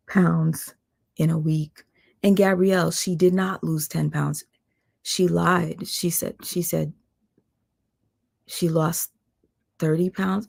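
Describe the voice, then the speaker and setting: A woman's voice: low voice, steady tone, takes it slowly, gravelly, darkish tone, slightly rough. A woman hosting her own livestream, talking bluntly and heatedly, swearing and reading viewer comments aloud, with a strained voice. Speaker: channel host on a livestream. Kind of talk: casual livestream rant.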